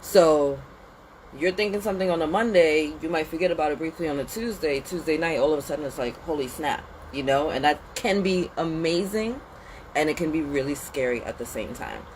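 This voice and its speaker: A woman hosting a casual spiritual pep talk outdoors in the cold, animated and slangy, sniffly with a runny nose. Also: deep voice, a little fast, slight background noise, poor audio. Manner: animated, slangy and conversational, with lots of "like" and "you know". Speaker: spiritual reader and channel host.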